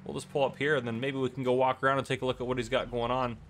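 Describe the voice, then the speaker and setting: A man's voice: medium pitch, little pitch movement, very fast, fairly bright tone, a little hiss or hum. A man casually commenting on his farming game, easygoing and rambling with lots of fillers. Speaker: gameplay channel host.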